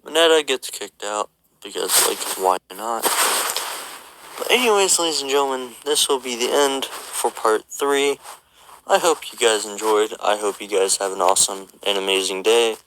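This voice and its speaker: Bright, upbeat man hosting a story channel. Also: on the low side, moderate pace, a little hiss or hum, poor audio. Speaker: channel host. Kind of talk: casual story recap and sign-off.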